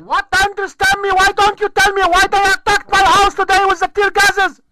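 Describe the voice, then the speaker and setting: Furious high-voiced man yelling on the phone. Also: little pitch movement, moderate pace. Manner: shouting, insulting, furious. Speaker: caller. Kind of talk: angry prank phone call. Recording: noisy phone recording.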